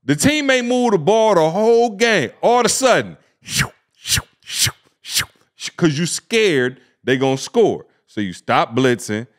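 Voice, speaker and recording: A man co-hosting a casual podcast, talking sports in an excited, slangy way. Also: high voice, moderate pace, few pauses. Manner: excited, slangy, laughs a lot.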